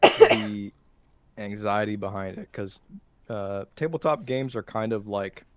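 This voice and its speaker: A young man, the host's brother, calmly and reassuringly giving advice in a casual chat. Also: fairly low pitch, no room sound. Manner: calm, reassuring, measured advice.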